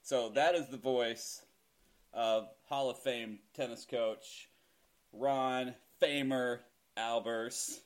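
A man's voice: mid-range voice, fairly even intonation, slow. A middle-aged man hosting a casual podcast, chatty and self-deprecating, laughing easily as he talks. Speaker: podcast host.

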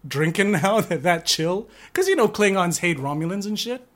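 A co-host with a mid-pitched voice that swings widely in lively melody. The talk is loose, profane and teasing, poking fun at the others. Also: moderate pace. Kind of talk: casual chat.

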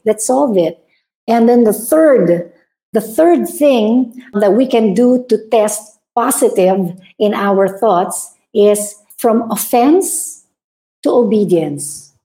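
Middle-aged Filipino woman preacher, lively sermon delivery, slightly high voice. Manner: animated, switches languages, laughs while speaking. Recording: echoey room.

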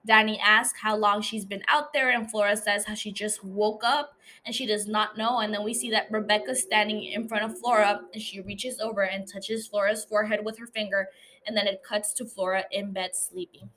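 A woman with a bright, forceful voice talks through an episode recap in a loose, chatty way. She laughs often and leans on fillers as she tells the story. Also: medium pitch, flat delivery, moderate pace. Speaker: podcast host recapping a series.

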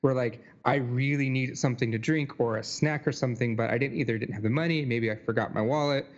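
A man's voice: medium pitch, fast. Brief: male podcast co-host, casual rambling talk, slightly muffled lo-fi sound. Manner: rambling, many likes and you knows. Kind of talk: casual chat.

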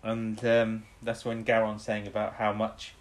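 Guy with a lowish voice recapping an episode, rambly, keeps asking didn't he. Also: monotone, unhurried. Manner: rambling, full of restarts and tag questions. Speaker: podcast co-host.

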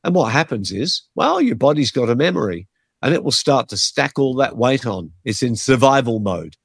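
A man's voice: mid-range voice, very animated, normal speed, creaky, slightly rough, no room sound, clean studio sound. A man, a pastor teaching in a conversational, earnest way and giving numbered points. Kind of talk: podcast teaching on faith and health.

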